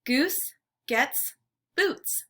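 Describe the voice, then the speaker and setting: A woman teacher leading a phonemic awareness lesson, saying words slowly and clearly for children to repeat. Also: sits high, animated, a bit bright. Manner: slow, clearly enunciated word drills.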